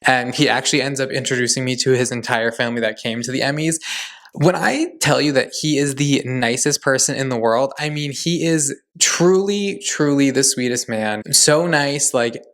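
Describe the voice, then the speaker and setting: A young man hosting a podcast, telling a story in a gushing, excitable way and saying "like" constantly. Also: mid-range voice, moderate pace. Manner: excitable, gushing, heavy use of "like". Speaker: podcast host. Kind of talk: casual storytelling monologue.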